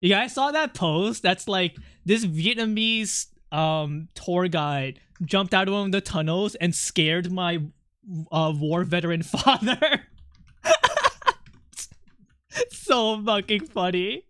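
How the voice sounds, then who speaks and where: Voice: medium pitch, animated, slow, a bit bright, dry recording, studio quality. A streamer who chats with viewers while drawing, rambling and joking, swearing a lot and laughing often. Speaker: art streamer chatting with viewers. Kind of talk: casual live-stream chat.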